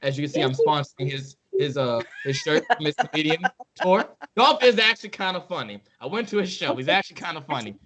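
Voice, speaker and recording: Bright-voiced man ranting on a podcast. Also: a little high, animated, brisk. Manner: profane, heated ranting. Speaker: podcast host. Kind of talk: casual podcast chat.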